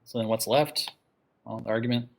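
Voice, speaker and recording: This man's voice is mid-range, gravelly and steady, at normal speed, with a bit of hiss or hum in the background. Teaching math in a classroom lecture, he explains each step, keeps checking with "okay?" that students follow, asks them questions and repeats the core concepts.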